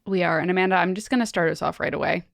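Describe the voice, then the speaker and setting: A woman's voice: fairly low pitch, very fast, gravelly, dry recording, studio quality. A woman co-hosting a podcast in casual chat, upbeat and laughing easily. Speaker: podcast co-host.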